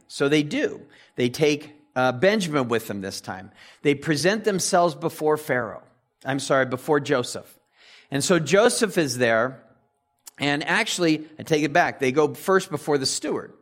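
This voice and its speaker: A man teaching a Bible passage in a relaxed, conversational way, paraphrasing the characters in everyday speech and reading verses aloud. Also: fairly high pitch, moderate pace. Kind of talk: casual sermon retelling scripture.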